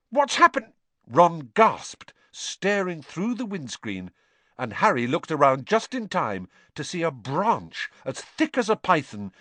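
A man narrating a story aloud, expressive and acting out the dialogue. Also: medium pitch, no room sound. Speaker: audiobook narrator. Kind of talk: scripted narration.

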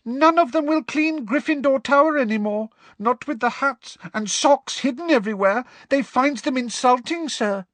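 An eager, timid male house elf with a shrill, squeaky voice. He is servile and adoring, tacking "sir" onto every sentence. The sound is close and dry. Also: moderate pace, few pauses, fairly bright tone, no echo. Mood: earnest. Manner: servile, adds "sir" to every sentence and speaks of himself in the third person. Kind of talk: audiobook character voice.

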